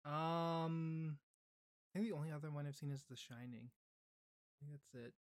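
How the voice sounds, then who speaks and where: A woman in a casual chat, soft-spoken and hesitant, trailing off. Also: sits low, moderate pace.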